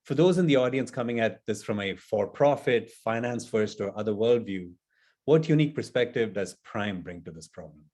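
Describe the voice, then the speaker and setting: A man's voice: on the low side, lively intonation, moderate pace, darkish tone. A man who is a senior advisor, polite and appreciative as he joins a webinar conversation.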